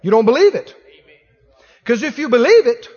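A man, from Mississippi, preaching a sermon in an animated way, laughing and rising to shouts. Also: very high voice, normal speed, husky. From Mississippi, USA. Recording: dull sound with long hall reverb.

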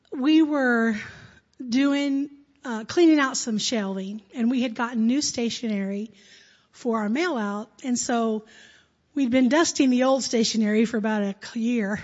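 High-pitched lady talking to her church crowd, jokey, laughs a lot, kinda muffled lo-fi sound. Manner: jovial, laughs often between phrases. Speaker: church staff member leading the meeting. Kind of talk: addressing a church congregation.

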